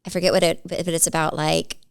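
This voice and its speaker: A woman in her forties co-hosting a podcast, telling animated stories in casual chat and acting out other people's lines. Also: low voice, quick pace, gravelly, clean tone, no echo. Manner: animated storyteller acting out quotes. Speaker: podcast co-host.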